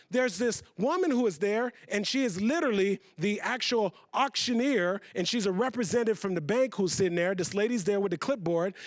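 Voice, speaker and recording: A man giving a storytelling keynote talk to a conference audience, building dramatically to loud emphasis. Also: high voice, no room sound. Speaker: motivational speaker. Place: conference hall with live audience.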